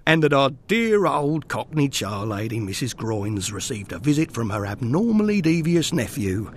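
A man delivers dry, arch scripted narration for a radio comedy. His mid-pitched voice moves expressively, with a faint rumble under the recording. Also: sing-song, moderate pace.

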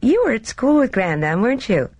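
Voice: mid-range voice, very animated, a little fast, darkish tone, no room sound, pitched above the performer's own voice. A reader voicing a cheerful, careless young woman who chatters in airy, slangy upper-class talk. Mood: breezy.

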